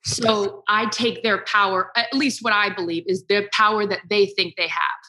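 A female sports broadcaster, guesting in an interview, speaks candidly with self-deprecating humor and sometimes talks through tears. Her mid-range voice is pushed and bright, with fairly even intonation and a moderate pace, on poor audio.

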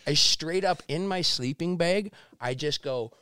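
A man's voice: a little high, measured pace, clear, resonant tone, no echo, studio quality. A man telling a wild story as a podcast guest, swearing constantly and acting out what people said. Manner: animated, swears constantly, acts out quotes. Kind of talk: casual storytelling interview.

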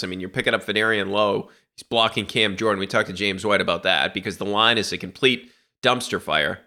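A man hosting a sports podcast, talking bluntly and animatedly about his team. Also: medium pitch. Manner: blunt, animated, laughs while ranting. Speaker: podcast host. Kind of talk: casual sports talk.

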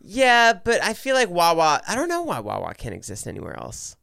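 A relaxed man from New Jersey chatting on a podcast, his pitch swinging up and down as he jokes. The voice is clear and smooth, recorded close and dry. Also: a little fast, no echo. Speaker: podcast host. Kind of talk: casual chat.

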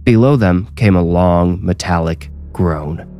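A man, the author, reading his own horror story in a measured, low-key way. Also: warm tone, faint music behind. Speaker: author and narrator. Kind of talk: scripted horror narration.

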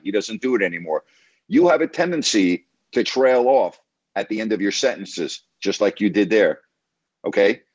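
A man's voice: fairly low pitch, husky, no room sound. A man hosting a sports radio show, coaching a caller in an emphatic, repetitive, lecturing way.

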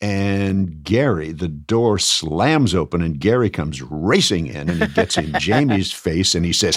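Male guest storyteller, animated, laughs through it, lowish voice. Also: measured pace, breathy edge, no room sound, clean studio sound. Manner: animated, laughs often while telling. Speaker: guest, former cast member. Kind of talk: anecdote storytelling.

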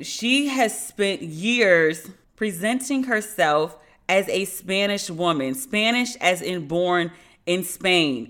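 A woman's voice: fairly low pitch, fairly bright tone. Sardonic woman telling a story. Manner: sardonic storytelling with mocking quoted voices. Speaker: podcast host. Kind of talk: solo commentary.

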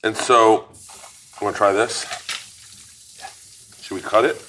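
Male cooking host, lowish voice, laid-back crude banter. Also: fairly even intonation, measured pace, pushed and bright, a little hiss or hum. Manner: crude joking, laughs often. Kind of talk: casual chat while cooking.

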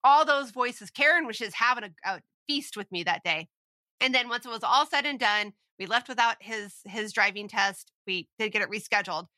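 A woman's voice: on the high side, normal speed, sharp tone, dry recording. A woman in her forties co-hosting a parenting podcast, telling stories in a chatty, self-mocking way. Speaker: podcast co-host. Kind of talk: casual parenting chat.

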